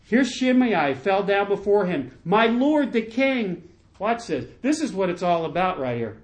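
A man's voice: sits high, big pitch swings, normal speed. A male pastor preaching a sermon, enthusiastic and emphatic, with lots of repetition.

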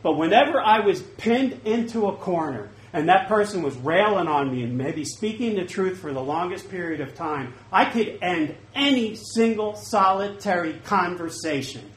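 Animated high-voiced preacher in echoey room. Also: male voice, normal speed. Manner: animated, swings from loud bursts to hushed asides. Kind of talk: sermon.

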